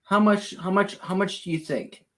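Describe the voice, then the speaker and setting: A man co-hosting a casual livestream who answers briefly and teases with a dry sense of humor. His voice sits a little on the high side. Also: moderate pace, a bit bright. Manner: brief, dry replies, teasing. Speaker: co-host.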